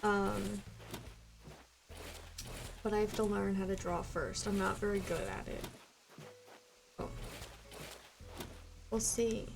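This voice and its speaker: Chatty young woman with a creaky voice. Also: mid-range voice, fairly even intonation, slow, long pauses, noisy background. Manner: chatty, rambling, many "like" fillers. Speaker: game streamer. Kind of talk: casual chat with live viewers.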